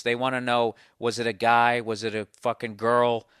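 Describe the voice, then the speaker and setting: A man's voice: mid-range voice, a little fast, hardly any pauses, a bit bright, clear, resonant tone, dry recording, studio quality. Profane, ranting male podcast host. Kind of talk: casual ranting monologue, reading listener mail.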